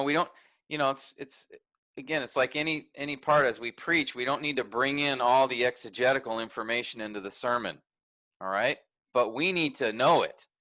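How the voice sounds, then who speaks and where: Guy teaching a workshop, bright voice, dry close sound, chatty with lots of restarts. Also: mid-range voice, dry recording, low-quality recording. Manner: conversational, thinks aloud with restarts and fillers.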